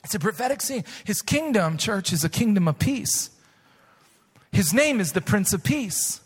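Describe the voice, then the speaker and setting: A man pastor preaching a sermon, reading scripture slowly and with weight, rising to impassioned shouts and dropping back to a softer tone. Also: sits high, sing-song, breathy edge. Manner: impassioned preaching, swells to shouts then drops soft; drawn-out emphatic reading of scripture. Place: church sanctuary. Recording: long reverb of a large hall.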